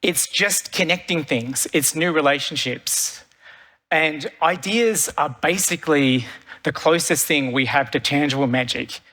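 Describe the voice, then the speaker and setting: A man's voice: a little high, bright, forceful tone. A middle-aged man giving a keynote talk, telling stories energetically and repeating phrases for effect, on a conference stage. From Australia. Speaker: keynote speaker, creative director. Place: large conference hall stage. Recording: long reverb of a large hall.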